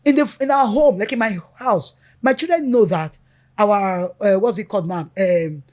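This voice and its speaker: A woman's voice: mid-range voice, normal speed. A middle-aged woman, a mother speaking as a guest in an interview and animatedly acting out conversations with her children. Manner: animated, acts out family dialogue in quotes.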